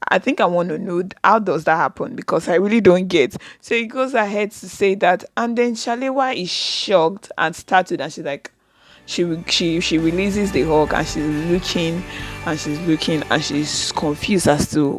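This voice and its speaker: In a lowish voice at a moderate pace, with no echo, a video reviewer walks her audience through an episode. She's chatty, keeps saying "guys," and performs the characters' dialogue as she retells scenes.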